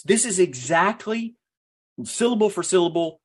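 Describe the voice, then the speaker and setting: A man, a filmmaker guest on a radio show, telling his story in an animated, excitable way that often jumps up in pitch. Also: normal speed. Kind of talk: storytelling interview.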